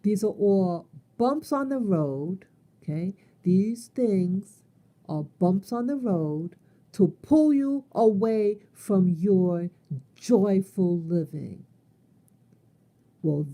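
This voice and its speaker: A woman's voice: mid-range voice, mellow. A woman talking off the cuff on a live stream, blunt and emphatic, swearing freely and repeating her key phrases. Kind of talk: unscripted live stream monologue.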